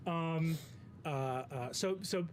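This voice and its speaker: A man running a tabletop game as game master, lively and quick to laugh, with many fillers. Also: fairly high pitch, a little hiss or hum.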